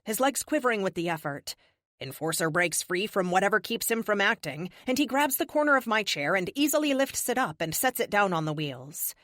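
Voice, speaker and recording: A young adult woman giving expressive, dramatic first-person audiobook narration. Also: lowish voice, normal speed, no echo, studio quality.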